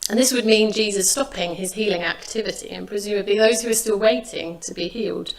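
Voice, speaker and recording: A woman delivers a sermon in a calm, measured way, retelling a Bible passage. She reads the quoted lines with expression. Her voice sits at an ordinary middle pitch. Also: creaky. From England. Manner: measured, expressive reading of scripture. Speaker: preacher.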